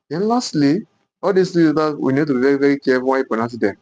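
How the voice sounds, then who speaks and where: A man's voice: fairly high pitch, dry recording. A man teaching a Qur'an pronunciation lesson at a board, repeating each letter sound several times and often asking himself "what?" before giving the answer. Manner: slow, repetitive, drills each sound aloud; asks rhetorical "what?" questions. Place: classroom with a board.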